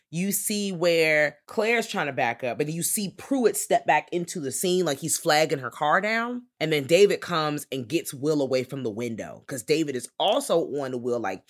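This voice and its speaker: A woman co-hosting a podcast, casually breaking down a movie and acting out its characters. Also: deep voice. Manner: laid-back, profane, acts out characters. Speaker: podcast co-host. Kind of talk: casual movie review chat.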